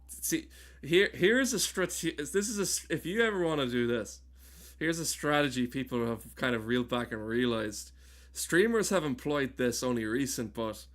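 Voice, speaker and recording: A male streamer chatting loosely over his gameplay, cursing freely and cutting himself off mid-sentence. His voice sits at an ordinary middle pitch, neither high nor low. He jokes with his chat as he plays. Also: fairly bright tone. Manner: rambling, swearing, self-interrupting, joking with chat. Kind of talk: casual gaming stream commentary.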